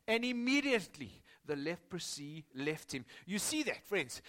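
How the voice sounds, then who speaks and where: A high-pitched man delivers a sermon. He builds phrases up with force, then lets them fall to a near hush for weight. His voice sits well above most men's. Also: very animated, slow, hardly any pauses. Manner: dramatic preaching, swings from loud emphasis to hushed low phrases. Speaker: pastor.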